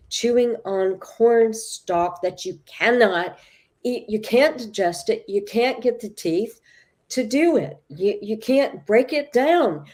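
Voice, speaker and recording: A woman's voice: mid-range voice, mellow. A woman guest speaking as a spiritual teacher, telling stories emphatically and acting out quoted dialogue. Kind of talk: animated storytelling talk.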